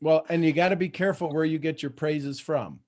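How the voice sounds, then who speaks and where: A man's voice: a little high, fairly even intonation, fairly quick. Blunt, emphatic man coaching live. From Ireland. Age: 50s. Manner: blunt, emphatic, swings between loud and hushed. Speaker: host and coach.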